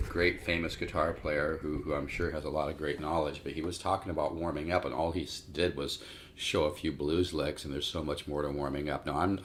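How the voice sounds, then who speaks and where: A man in his sixties with an extremely low voice gives a casual, rambling guitar lesson, repeating words and calling his viewers "folks." Acoustic guitar plays in the background, with slight background noise.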